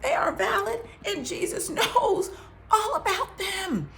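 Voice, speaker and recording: A woman's voice: very high-pitched, big pitch swings, slow pace, creaky, fairly bright tone, a little hiss or hum. A woman giving an earnest faith-based talk, emphatic, dropping into whispers and laughing between phrases. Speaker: survivor sharing testimony.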